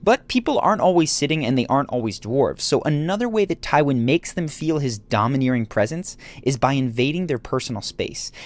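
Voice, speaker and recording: A man doing scripted narration for a video essay, explaining points in a measured, analytical way. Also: mid-range voice, no echo.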